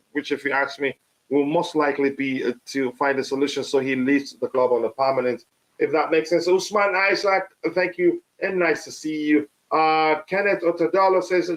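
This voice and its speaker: A man hosting a live football stream, talking casually with many fillers and restarts, his voice a little hoarse. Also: fairly high pitch, low-quality recording. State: slightly hoarse.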